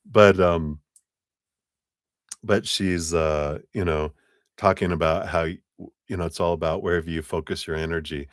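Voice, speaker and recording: A man's voice: low-pitched, steady tone, moderate pace, long pauses, dry recording, clean studio sound. A man giving a chatty live tarot reading, laughing often as he talks. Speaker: tarot reader.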